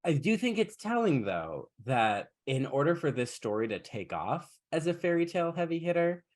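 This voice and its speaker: A man's voice: on the high side, sing-song, normal speed. A man hosting a podcast in casual chat, retelling a story in a wry, sarcastic way and swearing freely. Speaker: podcast host.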